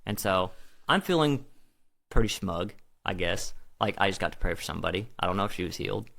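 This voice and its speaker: A man with a somewhat low voice tells a personal testimony as an animated story. He slips into quoted dialogue, jumps higher and louder for surprise, and drops to a hush for asides. His delivery is casual and conversational. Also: fairly quick, creaky. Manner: casual, with many "I'm like" asides. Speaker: guest telling a testimony.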